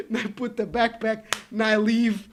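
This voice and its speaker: A man's voice: high-pitched, normal speed, background noise. A man telling a rant story to his viewers, acting out the people he quotes. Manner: animated, acts out the people he quotes. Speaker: vlogger.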